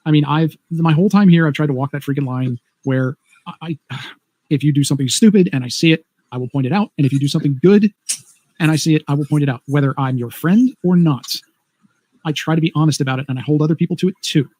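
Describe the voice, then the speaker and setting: A man's voice: a little high, darkish tone, no room sound. A man on a stream panel, ranting emphatically in casual chat. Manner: rapid, emphatic ranting with restarts.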